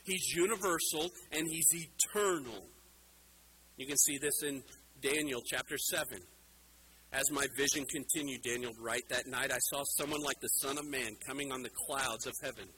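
A middle-aged man preaching a sermon with emphatic rhetorical questions, swinging between loud and soft. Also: medium pitch, normal speed, slight background noise, low-quality recording. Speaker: pastor.

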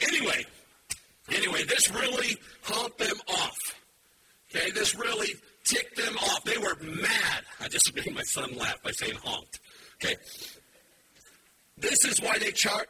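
A male pastor preaches in a high voice that leaps up and down with lively emphasis, throwing in playful wordplay for his congregation. A noticeable hiss of background noise runs under the recording. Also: unhurried, long pauses, recorded from a distance. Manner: animated and emphatic, with playful puns. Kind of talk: sermon. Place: church with a live congregation.

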